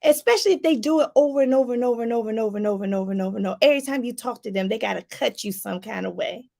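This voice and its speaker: Animated woman life coach, gravelly voice. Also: on the high side, rapid-fire. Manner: animated, laughing, talks straight to the viewer with "y'all". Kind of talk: casual advice talk to viewers.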